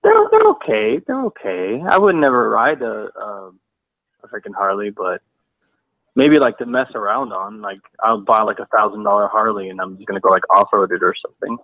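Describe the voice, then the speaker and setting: A man's voice: on the low side, a little fast, dry recording. Teasing male caller on a tinny phone line. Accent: San Diego. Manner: teasing, laughing. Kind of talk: casual phone-in chat.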